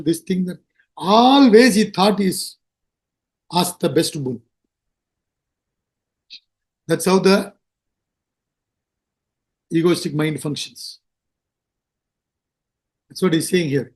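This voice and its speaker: Slow, high-pitched male teacher. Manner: slow, explanatory, rhetorical asides. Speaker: spiritual teacher. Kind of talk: scripture discourse.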